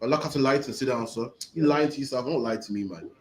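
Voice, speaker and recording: Fast-talking slangy preacher man. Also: mid-range voice, low-quality recording. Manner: slangy, emphatic, ends phrases with "man". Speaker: street preacher teaching. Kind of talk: animated teaching with questions.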